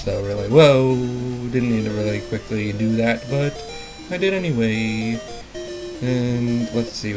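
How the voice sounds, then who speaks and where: A man's voice: on the low side, low-quality recording. A man hosting a let's play, rambling through casual commentary with playful puns and jokes. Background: game music.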